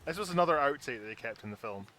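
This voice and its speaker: A man's voice: mid-range voice, expressive, very fast, a loud crowd. Man tossing sarcastic jokes in banter. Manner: joking, sarcastic asides. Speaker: stream co-host. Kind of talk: casual banter.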